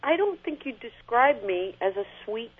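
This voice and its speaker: A middle-aged woman with a husky voice, an interview guest talking animatedly about her singing and sometimes singing short phrases. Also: fairly high pitch, moderate pace. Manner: animated, sings short snippets to illustrate. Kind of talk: conversational interview. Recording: tinny phone-like line.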